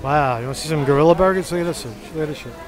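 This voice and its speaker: At a street festival, a man vlogs as he walks, chatting casually and teasing the people he meets with joking banter. He talks very fast in a voice on the high side.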